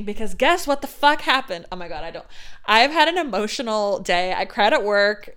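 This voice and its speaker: A woman's voice: mid-range voice, fairly bright tone, smooth. A woman in her twenties hosting a podcast, telling a dating story with raw emotion, frequent swearing and bursts of rueful laughter. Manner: emotional, swears a lot, laughs through anger. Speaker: podcast host.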